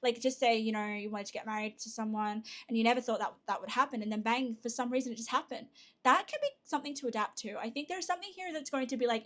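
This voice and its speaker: A woman giving a pick-a-card tarot reading to her viewers, chatty and excitable, with frequent fillers and restarts. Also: fairly high pitch, fast talker. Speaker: tarot reader.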